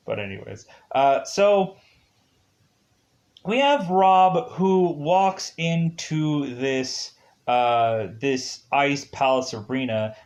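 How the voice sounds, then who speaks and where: Slow, rambling man with a Midwest accent. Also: mid-range voice, darkish tone, highs cut off. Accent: Upper Midwest US. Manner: rambling, many fillers, chuckles to himself. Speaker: TV episode reviewer. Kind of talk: casual spoken review.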